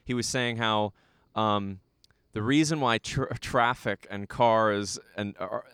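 A man's voice: on the low side, slow pace, a bit bright, clean tone, no room sound, clean studio sound. A young American man chatting casually, rambling through a travel story with lots of fillers. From United States. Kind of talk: casual conversation.

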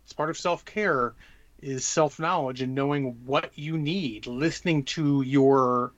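A podcast co-host with a medium-pitched, fairly bright voice talks a little slowly in a casual chat, laid-back as he swears freely and offers easygoing advice. The audio is dull.

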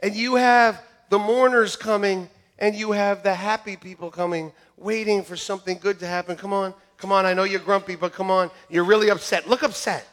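A man preaching a lively sermon to his church, joking with volunteers in a staged skit and then shouting with excitement. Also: sits high, fairly quick, few pauses. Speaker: pastor. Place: church sanctuary.

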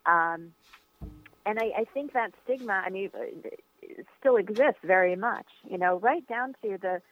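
A woman author, a guest being interviewed, shares a personal story earnestly and reflectively, with frequent fillers and restarts. Her mid-range voice moves at a measured pace over a tinny, dry phone line.

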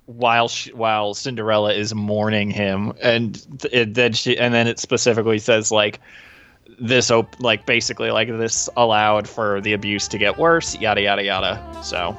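A man's voice: fairly low pitch, flat delivery, normal speed, fairly bright tone, clear, resonant tone, soft background music. A man co-hosting a film podcast, talking in a thoughtful, hesitant way with restarts and fillers. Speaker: podcast co-host. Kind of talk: casual film discussion.

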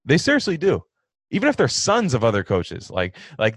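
With a gravelly voice and a slightly fast pace, a man hosts a casual sports talk and answers fan questions. His rant is animated, shifting from loud outbursts to low mutters, with no echo on the recording.

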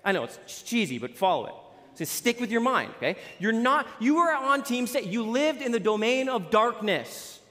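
Lively forty-year-old male pastor preaching. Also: very high voice, normal speed. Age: 40s. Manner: animated, storytelling with jokes and sports analogies. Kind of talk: sermon. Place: church sanctuary. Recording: long reverb of a large hall.

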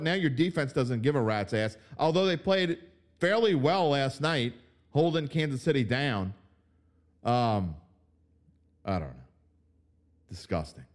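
A man hosting a sports podcast in a fired-up rant. His pitch leaps high on mocking outbursts, then sinks into low, quiet grumbles. He talks in a casual, opinionated way about betting picks. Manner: fired-up ranting, mocking tone, swings from loud outbursts to low mutters. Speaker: podcast host.

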